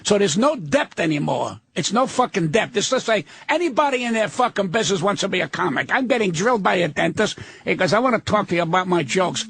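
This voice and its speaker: A man's voice: high voice, lively intonation, a little fast, vocal fry, hardly any pauses, fairly bright tone, breathy edge. An older man, a guest comedian on a radio show, ranting brashly and swearing constantly.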